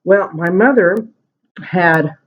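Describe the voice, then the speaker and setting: A man's voice: high-pitched, slow pace. A man casually chatting at home while eating on camera, telling a long rambling story. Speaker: mukbang vlogger. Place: at home at the dinner table. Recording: muffled lo-fi sound.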